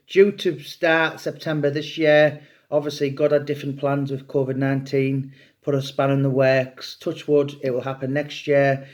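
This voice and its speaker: Middle-aged man, author, loose rambling chat, voice sits a touch high. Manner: rambling, chatty, swears casually. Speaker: true crime author. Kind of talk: casual monologue to camera.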